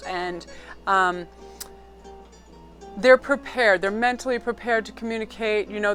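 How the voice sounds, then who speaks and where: A middle-aged woman doing a casual tarot reading to camera, talking in an excitable, rambling, chatty way. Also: medium pitch. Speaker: tarot card reader.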